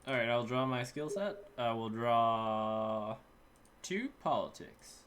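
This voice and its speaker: Lively, bright-voiced hesitant gamer. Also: male voice, mid-range voice, takes it slowly, clear, resonant tone. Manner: hesitant, restarts often, then defensive bursts. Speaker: board game player. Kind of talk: casual game chat over voice call.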